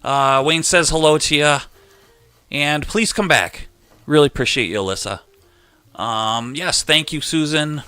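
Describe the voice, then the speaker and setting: A man's voice: a little high, unhurried, sharp tone, smooth, dry recording. A man hosting a live chat show, joking and teasing his co-host in a casual talk.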